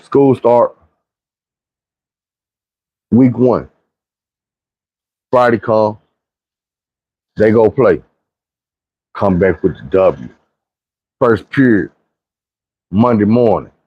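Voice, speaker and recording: A man's voice: lowish voice, very slow, long pauses, breathy edge, lo-fi sound. A man casually telling a story from his own life in a slangy, profane, conversational way.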